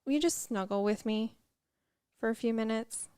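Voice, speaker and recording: A woman's voice: a little high, normal speed, mellow, clear, resonant tone, lightly acted. A woman voicing her small daughter stalling at bedtime, with a pleading, wheedling voice.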